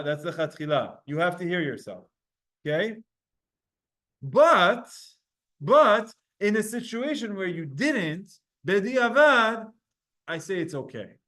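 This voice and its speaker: A man teaching a Talmud class online, energetic and quick, putting questions to his students. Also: high-pitched.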